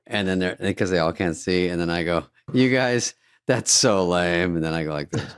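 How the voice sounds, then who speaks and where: A man's voice: deep voice, normal speed, clear, resonant tone, no room sound. A man in his sixties, co-hosting a podcast and telling stories with dry jokes in casual chat. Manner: dry, joking storyteller. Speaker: podcast co-host.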